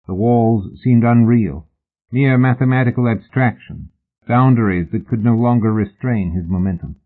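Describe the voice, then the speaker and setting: A man narrating an audiobook in a measured, literary manner. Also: medium pitch. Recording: husky voice on a tinny phone-like line.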